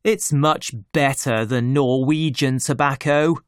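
A man's voice: mid-range voice, steady tone, slow, no echo, clean studio sound, natural voice. A man reading aloud, voicing a young male doctor who is pleased with himself. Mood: contented.

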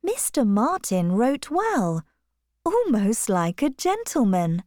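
A woman voicing a composed young gentlewoman who speaks in a measured, careful way. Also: a little high, huge pitch swings, no echo, studio quality, voice pushed up, exaggerated voice.

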